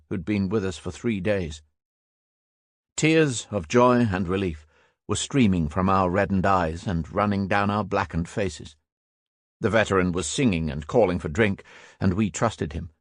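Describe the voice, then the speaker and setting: Deep-ish guy reading an audiobook, dead dry sound, no room at all. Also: dry recording. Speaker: audiobook narrator. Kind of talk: scripted narration.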